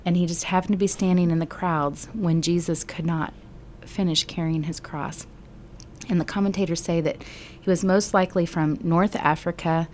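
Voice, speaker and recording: A middle-aged woman Bible teacher telling a gospel story slowly and earnestly, often sinking into a whisper. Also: on the low side, steady tone, a little mellow, slight background noise. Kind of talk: emotional Bible storytelling lesson.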